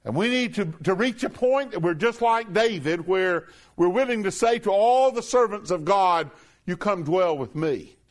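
A man preaching a sermon to a congregation, calling them brethren and drawing out quoted scripture slowly. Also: high voice, animated.

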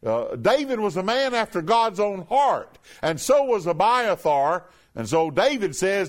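A man preaching a sermon to a congregation, calling them brethren and drawing out quoted scripture slowly. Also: high-pitched, big pitch swings.

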